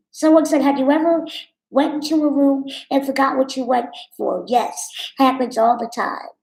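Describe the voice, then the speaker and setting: A woman's voice: sits high, creaky, roomy sound, low-quality recording. A woman streamer telling a story and reading viewer comments in a blunt, sassy, candid way. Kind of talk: casual livestream storytelling.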